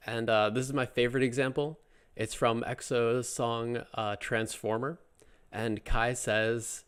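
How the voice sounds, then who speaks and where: A man's voice: medium pitch, flat delivery, unhurried, fairly bright tone, clear, resonant tone. A man giving a casual, chatty language lesson, joking and circling back with lots of fillers and restarts. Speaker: Korean language teacher.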